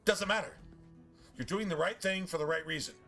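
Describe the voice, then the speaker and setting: A man's voice: high voice, brisk, bright, forceful tone, faint music behind. A man streaming a game and ranting casually, swearing often in a preachy, emphatic way. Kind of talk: casual rant while gaming.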